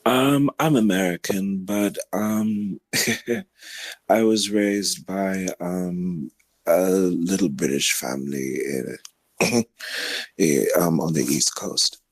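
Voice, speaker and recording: A man's voice: low-pitched, slow pace, dry recording. A man calling in to a live show, hesitant and formal, filling gaps with ums and nervous giggles. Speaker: caller. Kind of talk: phone-in caller.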